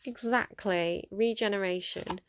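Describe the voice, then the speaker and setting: A young woman runs a casual tarot reading, chatty and excitable. She laughs often and breaks into the card texts she reads aloud. Her voice sits at an ordinary middle pitch for a woman. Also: unhurried, clean tone. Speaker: tarot reader.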